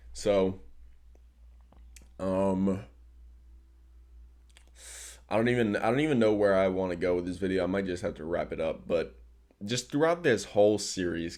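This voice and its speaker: A man ranting casually about his team, exasperated and swearing, dropping "bro" often. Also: low-pitched. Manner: exasperated, profane, says "bro" a lot. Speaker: sports vlogger. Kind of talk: casual sports rant.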